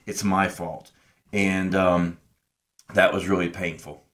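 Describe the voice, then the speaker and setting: A man's voice: low-pitched, level tone, slow, fairly bright tone. A middle-aged man co-hosting a podcast, telling a personal story in an earnest, reflective way and acting out his past conversations. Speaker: podcast co-host.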